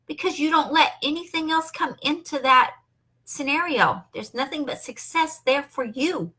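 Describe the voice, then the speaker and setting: A woman's voice: sits high, sharp tone, breathy edge. An older woman and grandmother, talking in an enthusiastic, emphatic, upbeat way about her online business. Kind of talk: motivational talk to camera.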